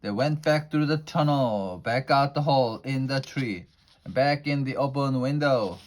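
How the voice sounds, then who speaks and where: Man storyteller, unhurried picture-book read-aloud with the odd slip and restart. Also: medium pitch. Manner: unhurried, with small slips and restarts.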